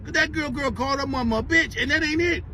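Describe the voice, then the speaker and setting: A man's voice: very high voice, fast, a little hiss or hum, poor audio. A man telling a rambling, profane story to his viewers from his car on the way to work. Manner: rambling, profane, animated retelling. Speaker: vlogger. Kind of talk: casual storytelling rant.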